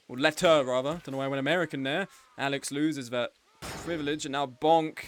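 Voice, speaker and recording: A man's voice: on the high side, fairly even intonation, fairly quick, slight background noise. A young man giving live, joking play-by-play commentary on a game tournament as the streaming host. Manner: chatty and joking, with frequent laughs.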